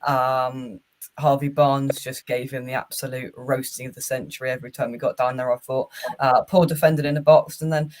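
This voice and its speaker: A man's voice: medium pitch, level tone, fairly quick. Frank, weary man breaking down football. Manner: frank, weary match analysis with many fillers and restarts. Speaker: host. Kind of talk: casual football chat.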